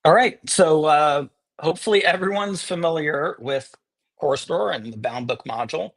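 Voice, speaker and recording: This husky-voiced man hosts a live webinar, walking through a software demo with an upbeat, joking manner. He sits a little high for a man's voice and tosses in sarcastic asides while he talks through the screen. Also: normal speed. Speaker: webinar host and software presenter. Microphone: earpiece in one ear.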